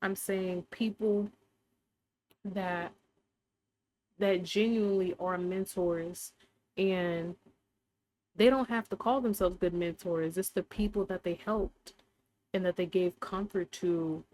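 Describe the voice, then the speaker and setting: A woman's voice: fairly low pitch, steady tone, slow, long pauses, darkish tone. A woman hosting a casual faith podcast, talking in a rambling, unscripted way and sometimes giggling. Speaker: podcast host.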